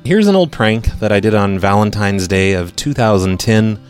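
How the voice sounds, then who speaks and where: A man's voice: fairly low pitch, animated, normal speed, faint music behind. A man hosting his show, laid-back and amused as he introduces an old prank call. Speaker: podcast host and prank caller. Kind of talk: casual show commentary.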